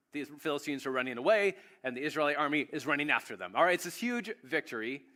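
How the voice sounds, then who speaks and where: A pastor preaching a sermon, retelling a story in an animated, joking, conversational way. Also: male voice, fairly high pitch.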